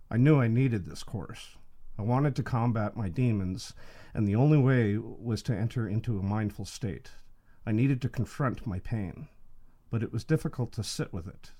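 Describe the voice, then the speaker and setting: A man's voice: fairly low pitch, dark tone. A man narrating a first-person story in a somber, reflective way.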